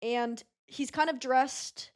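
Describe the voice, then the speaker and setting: A young woman co-hosting a casual comedy podcast, chatty and quick with asides, often laughing. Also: high voice, fairly even intonation. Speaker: podcast co-host.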